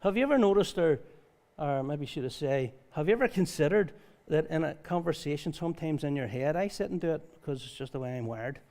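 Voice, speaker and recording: Man preaching with a higher voice. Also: fairly quick. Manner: lively storytelling, reads scripture aloud. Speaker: pastor. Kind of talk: conversational sermon. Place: church service.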